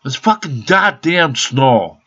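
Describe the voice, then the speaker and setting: Brief: angry male vlogger, husky, swears constantly, lo-fi recording. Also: mid-range voice, big pitch swings, takes it slowly. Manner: profane, rambling, bursts of shouting. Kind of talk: angry rant to camera.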